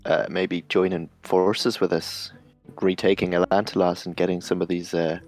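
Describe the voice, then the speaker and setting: A man's voice: sits low, little pitch movement, moderate pace, darkish tone, soft background music. A man playing a tabletop game, earnest and hesitant with frequent fillers. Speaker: player. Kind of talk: tabletop role-play.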